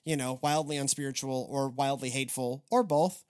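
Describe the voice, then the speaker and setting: A man's voice: medium pitch, a little fast. Rambling man podcast host. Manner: rambling, restarts, animated asides. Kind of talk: casual chat about faith and church.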